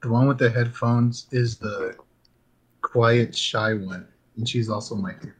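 A man hosting a podcast in casual chat, hoarse from losing his voice, talking in a laid-back, rambling way. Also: medium pitch, steady tone, a little slow. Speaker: podcast host.

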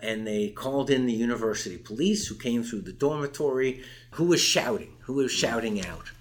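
A man's voice: medium pitch, normal speed. An older man telling a story in an interview, with emphasis, acting out the people he quotes. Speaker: interview guest. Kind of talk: recounting a campus case in conversation.

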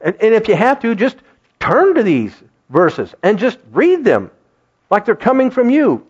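Guy preaching, high voice swinging all over, kinda muffled lo-fi recording. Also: measured pace, husky. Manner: animated preaching, acts out quoted voices, laughs often. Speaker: pastor. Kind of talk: sermon.

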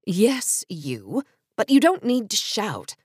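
A woman voicing a mysterious, stern telepathic woman in an audiobook story, speaking slowly and commandingly. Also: mid-range voice, sing-song, slightly rough, dry recording, clean studio sound, full character voice. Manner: slow, commanding.

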